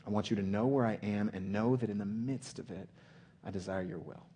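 A man preaching a sermon, earnest, often slowing and dropping to a hush for emphasis. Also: fairly low pitch, a little hiss or hum.

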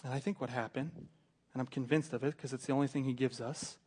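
A man preaching a sermon, earnest, repeating words and swinging between quiet, intimate stretches and loud emphasis. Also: mid-range voice, fairly even intonation, fast, husky.

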